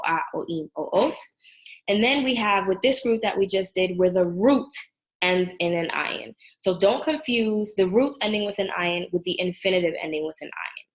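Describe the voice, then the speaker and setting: A woman with a somewhat low voice teaches a language lesson. She talks clearly and patiently and repeats each sound pattern step by step. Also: rough recording. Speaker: Hebrew teacher.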